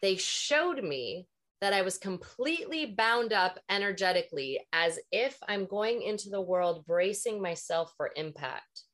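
A woman's voice: mid-range voice, animated, measured pace, fairly bright tone. A woman, an energy healer and podcast guest, telling a long personal story in a frank, rambling way and swearing freely.

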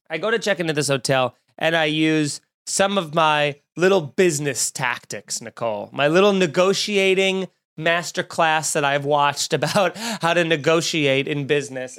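A man hosting a casual podcast, telling a lively, profane, joking travel story. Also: fairly high pitch, clean tone.

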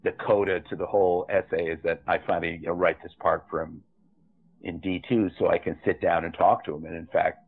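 Over a tinny remote line that sounds like a phone call, an older male film director gives an interview packed with meandering anecdotes and side comments. He talks fairly fast in a low voice whose intonation stays mostly even.

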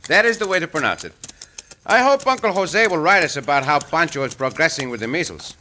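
A dashing hero of a vintage radio western, with a smooth Mexican Spanish accent. He explains things patiently, and his bright voice rises and falls a lot. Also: a little high, expressive, fairly quick, slight background noise. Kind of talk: 1950s radio drama acting.

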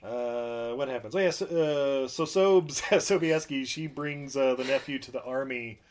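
A young man casually recapping a movie for a podcast, joking and laughing, slipping into quick character voices. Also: mid-range voice, slight background noise.

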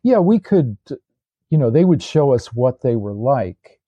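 A man's voice: mid-range voice, very animated, measured pace, slightly rough, dry recording, lo-fi sound. An older man, a former tank commander, telling his stories as an interview guest in a rambling way, with restarts and fillers. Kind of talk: casual interview storytelling.

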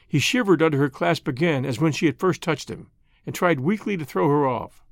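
A narrator reading a classic short story aloud in a measured, expressive way. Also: mid-range voice, vocal fry, no room sound, studio quality.

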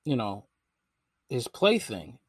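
A man's voice: mid-range voice, big pitch swings, slow, breathy edge, dry recording, clean studio sound. A man giving casual reaction commentary, incredulous and slangy in his delivery. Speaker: commentary host.

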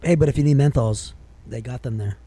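A man's voice: mid-range voice, a little fast, mellow, breathy edge, dry recording. A man co-hosting a podcast, teasing and sarcastic in casual crude banter. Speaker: podcast co-host.

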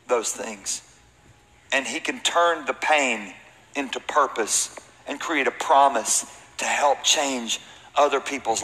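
A man's voice: mid-range voice, bright, forceful tone. A man pastoring a church, preaching a sermon to his congregation with emphatic, rising peaks. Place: large hall with congregation. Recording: reverberant hall.

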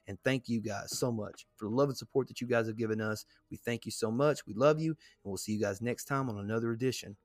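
A man chats loosely as a podcast co-host, rambling through fillers and restarts. His voice sits at an ordinary pitch. The sound is dry and close. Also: fast, few pauses, no room sound. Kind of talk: casual podcast chat.

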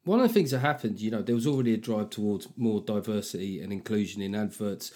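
Fast-talking podcast host. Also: male voice, on the low side, animated, dark tone. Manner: thoughtful questioner, builds long points with restarts. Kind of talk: conversational podcast interview.

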